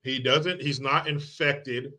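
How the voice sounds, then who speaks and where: This male streamer hosts a casual, profane political commentary show, bantering with chat and quoting films. His voice is medium in pitch and fairly even, delivered slowly with a bright, forceful edge, and he comes across as sarcastic and loose as he reads messages out loud.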